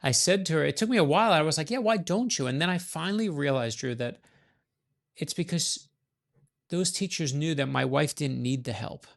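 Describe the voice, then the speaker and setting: A middle-aged man from New York, an author guest, telling stories in a quick, animated way and acting out the voices of people he quotes. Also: fairly high pitch, gravelly. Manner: animated, fast-talking storyteller, acts out quoted lines. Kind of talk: conversational storytelling.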